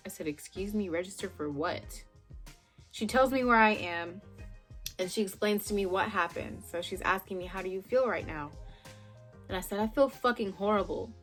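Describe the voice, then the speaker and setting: A young woman vlogger casually recounting a personal story to camera, acting out her own quoted lines bluntly. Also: medium pitch. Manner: animated retelling with quoted dialogue, frank and blunt.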